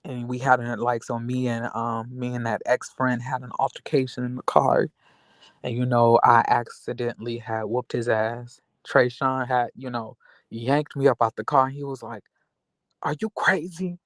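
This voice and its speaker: A man's voice: mid-range voice, little pitch movement, moderate pace, dry recording. A young man vlogging, telling a personal story in a rambling, candid way with many fillers. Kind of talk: casual venting monologue.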